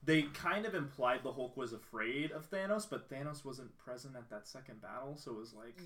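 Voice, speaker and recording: A man's voice: mid-range voice, moderate pace, crowd noise. A man co-hosting a podcast, enthusiastically breaking down a film with stammers and restarts. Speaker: podcast co-host. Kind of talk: casual movie reaction chat.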